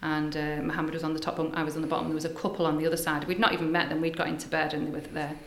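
An older woman, a spiritual healer, telling stories in a casual interview, animated and dropping into hushed asides. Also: sits low, racing, a little hiss or hum. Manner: animated, breathy storyteller, drops to hushed asides. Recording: echoey room.

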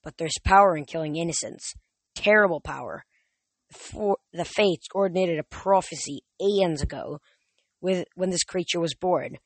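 A reader voicing a solemn young huntress who speaks in formal, old-fashioned phrasing. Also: female voice, fairly low pitch, moderate pace, no echo.

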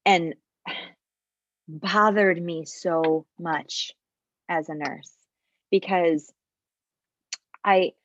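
With a lowish voice, this woman who once worked as a labor nurse shares stories during a relaxed podcast chat, drawing out her words and pausing often. She frequently restarts and repeats herself, livening up whenever she quotes someone. The sound is lo-fi, with slight background noise.

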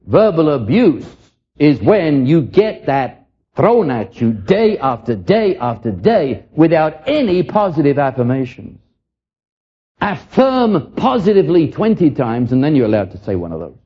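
A man's voice: fairly high pitch, very animated, unhurried, breathy edge, lo-fi sound. An older man from England preaching a sermon, earnest and reflective, often repeating a word as he starts a line.

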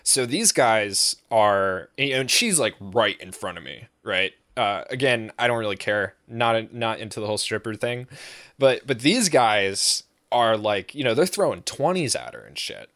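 A young man spins a long, rambling story, swearing freely and tagging lines with "right?". His pitch swings up and down with lively energy. The sound is dry and close, with no room around it. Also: a little slow, no room sound. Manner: rambling and profane, with many fillers and "right?" tags, often breaking into laughter. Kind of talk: casual anecdote on a podcast.

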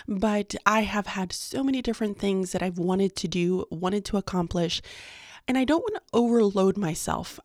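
A woman's voice: mid-range voice, no room sound, clean studio sound. A young woman, a teacher and podcaster, chatting casually in a vlog diary with frequent ums and little laughs. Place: home, quiet in the mornings.

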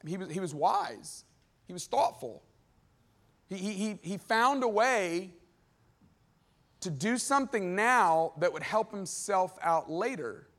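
Brief: male pastor, high voice, chatty sermon delivery that voices the people in his story. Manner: lively, conversational preaching with asides to the crowd; acts out characters in quick voiced exchanges.

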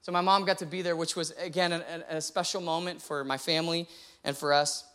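A young adult pastor gives a personal testimony sermon, telling his story from the pulpit earnestly and from the heart. His voice is fairly high, fairly bright, and clean, with fairly even intonation and a fairly quick pace.

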